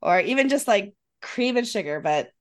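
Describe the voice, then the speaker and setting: A woman's voice: mid-range voice, expressive, normal speed. Chatty woman with a Western New York accent. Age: 50s. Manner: chatty, laughs often, trails off mid-sentence. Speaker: podcast host. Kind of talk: casual chat.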